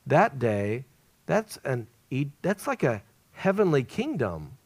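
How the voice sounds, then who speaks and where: A man preaching an evangelistic sermon at a church service, swinging between loud emphasis and hushed, near-whispered lines. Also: mid-range voice, very animated, slow.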